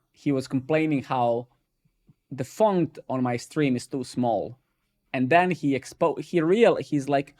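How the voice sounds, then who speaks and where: A man streaming live coding from his home desk, talking casually and profanely to chat, quick and excitable with lots of "man" and "bro". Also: a little high. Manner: profane, ranting and joking with chat.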